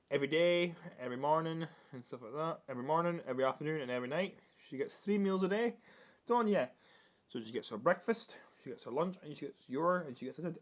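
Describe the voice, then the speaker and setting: A young man rambles through a casual vlog and keeps restarting his sentences. He scolds and coos at his dog in a slightly high voice. His pitch bounces around a lot. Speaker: vlogger.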